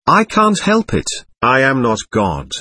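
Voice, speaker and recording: A man's voice: medium pitch, sing-song, moderate pace, a bit bright, breathy edge, no room sound. A man doing a curt, pompous doctor. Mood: stern. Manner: curt, emphatic, offhand. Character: stern, impatient, pompous male society doctor. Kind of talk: audiobook character voice.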